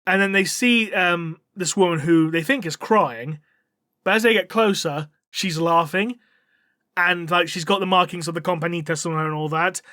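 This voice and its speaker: High-voiced man recapping casually. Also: moderate pace, bright, forceful tone, no room sound, clean studio sound. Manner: rambling, swears, acts out characters' lines. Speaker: podcast co-host.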